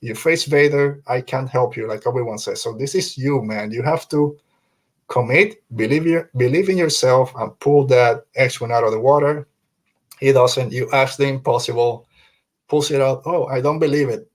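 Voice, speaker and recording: A man's voice: medium pitch, normal speed. A man hosting a fan podcast, talking earnestly and emphatically, quoting film lines and repeating himself to drive a point home. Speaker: podcast host.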